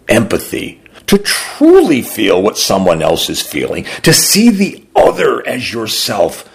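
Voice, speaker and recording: Slow radio story reader guy, husky gravelly voice, lots of ups and downs. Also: fairly low pitch. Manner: slow, deliberate and expressive storytelling. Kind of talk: literary reading for radio.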